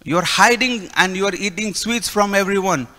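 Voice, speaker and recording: A man's voice: high voice, moderate pace, long reverb tail. A man playing a harsh, fault-finding male ascetic who scolds and accuses. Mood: accusing. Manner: shouting, scolding.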